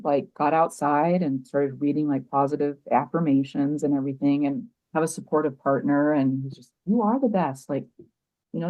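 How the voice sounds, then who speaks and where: A middle-aged woman with a low-leaning, mellow, warm voice speaks as a podcast guest. She tells a personal story candidly, stopping and restarting her sentences and filling gaps with "like" and "you know.". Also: rough recording. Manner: halting, frequent restarts and "like". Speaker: nurse and mindset coach, podcast guest.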